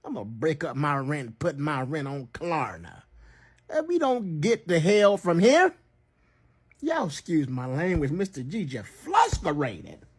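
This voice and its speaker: A vlogger ranting emphatically and with humor about high rent. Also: very animated, a little slow. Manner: exasperated, emphatic, joking. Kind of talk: casual rant vlog.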